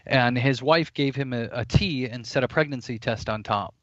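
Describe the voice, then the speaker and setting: A man's voice: mid-range voice, moderate pace, no room sound, lo-fi sound. A man in his late thirties co-hosting a podcast, making dry, matter-of-fact remarks. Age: late 30s. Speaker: podcast co-host. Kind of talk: casual chat.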